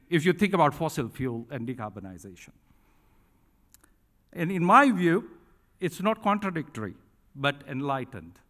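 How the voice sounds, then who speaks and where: A middle-aged man delivers a keynote speech in a large conference hall, his slightly raised voice trailing into a long reverb. He talks deliberately, pausing on um and uh and restating his points for emphasis. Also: fairly high pitch, fairly bright tone. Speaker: keynote speaker at an industry conference.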